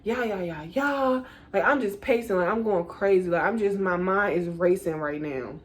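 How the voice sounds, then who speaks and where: A woman's voice: lowish voice, moderate pace. A woman in her twenties telling a casual storytime to her viewers, acting out her own panic in quotes and calling them y'all. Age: 20s. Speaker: vlogger. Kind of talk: storytime vlog.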